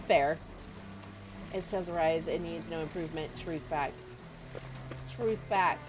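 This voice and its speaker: A woman's voice: mid-range voice, extremely slow, long pauses. A woman streamer chatting casually with her viewers, giggly and self-mocking. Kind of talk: casual game-stream chat. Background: game music.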